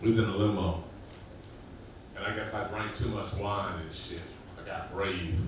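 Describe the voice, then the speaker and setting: A man's voice: sits low, fairly even intonation, normal speed. A man telling profane stand-up stories in a loose, rambling manner, on stage at a comedy club. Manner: profane, loose storytelling with acted-out quotes. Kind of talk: stand-up storytelling. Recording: echoey, distant room mic with ambient noise.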